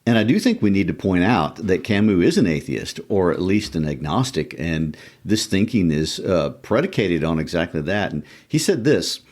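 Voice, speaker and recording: Deep-voiced guy on a book podcast, thinking out loud, kinda musing. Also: big pitch swings, moderate pace, few pauses. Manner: thoughtful, musing, reads quotations aloud. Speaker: podcast co-host. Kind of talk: conversational literature discussion.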